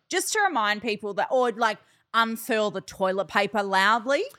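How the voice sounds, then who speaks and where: A woman with a medium-pitched voice co-hosts a podcast, chatting casually at normal speed in a recording with no echo. She's a giggly, animated storyteller who laughs a lot.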